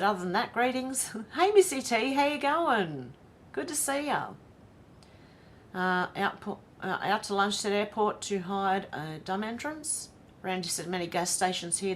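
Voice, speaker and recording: A woman's voice: medium pitch, animated, measured pace, slight background noise. An Australian woman hosting a casual livestream, reading viewer comments aloud and greeting each by name. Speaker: livestream host reading chat.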